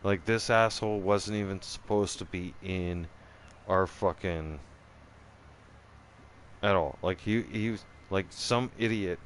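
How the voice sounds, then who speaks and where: A man with a deep, low voice tells a story from his own channel at an unhurried pace. His talk is casual and profane, full of restarts and tag questions. A faint hiss sits under the recording. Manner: profane and rambling, restarts a lot, keeps asking "right?". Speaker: channel host telling a story.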